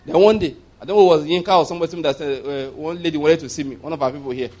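A man's voice: a little high, racing, darkish tone. A man preaching a conversational sermon as pastor, rambling through asides and chuckling often.

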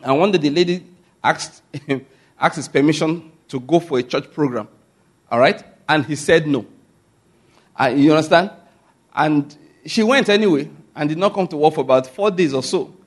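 A man's voice: a little high, moderate pace. Preacher man checking in with his flock. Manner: keeps checking in with the listeners. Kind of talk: sermon.

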